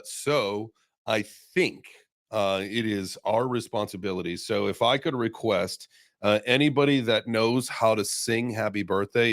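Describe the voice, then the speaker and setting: Low-voiced man hosting a rambling chat. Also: dry recording, clean studio sound. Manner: relaxed, rambling, many fillers. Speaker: host. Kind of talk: casual chat.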